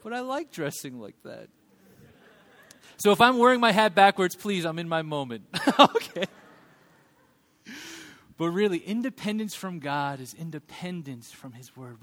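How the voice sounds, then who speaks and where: Man, thirties, pastor, lively sermon, fairly high voice, jokey asides. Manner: animated, humorous, acts out voices in quotes.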